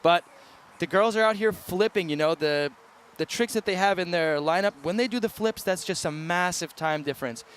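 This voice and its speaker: A man's voice: high-pitched, normal speed, fairly bright tone, slight background noise. A man giving expert co-commentary outdoors at a bike event, emphatic and repeating words for stress. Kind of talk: live sports commentary.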